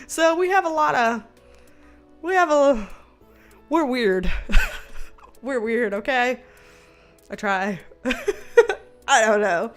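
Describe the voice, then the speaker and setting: High-voiced chatty Southern woman. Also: unhurried, pauses often, soft background music. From American South. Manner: animated, swearing, laughing storyteller. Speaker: livestream host. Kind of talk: casual livestream chat.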